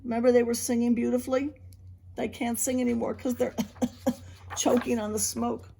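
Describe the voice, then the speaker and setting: Woman, preschool teacher, picture book read-aloud, expressive, slightly high voice. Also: creaky, noisy background. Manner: expressive, pausing to explain to young children.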